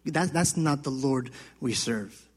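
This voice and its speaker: A man preaching a sermon, lively and conversational, acting out little scenes with children's voices. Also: medium pitch, slow, husky, big-room sound. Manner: animated preaching, acts out voices of children and God. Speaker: pastor.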